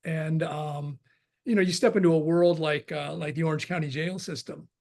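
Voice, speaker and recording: High-voiced man telling a story. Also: steady tone, normal speed, gravelly, darkish tone. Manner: rambling, with many restarts and quoted dialogue. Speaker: webinar participant. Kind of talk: casual chat. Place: video call.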